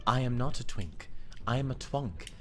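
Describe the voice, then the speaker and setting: A man's voice: medium pitch, animated, normal speed, a little mellow, natural voice. A man putting on a preachy, self-righteous Jesus voice in a mocking skit while streaming a game. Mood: indignant. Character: self-righteous male preacher-style Jesus rallying a mob.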